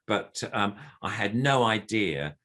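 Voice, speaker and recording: A man's voice: lowish voice, expressive, takes it slowly, pushed and bright. An older man, a puppeteer, telling a story in casual conversation, rambling with plenty of fillers and acting out the lines of others. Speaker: puppeteer guest. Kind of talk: casual anecdote.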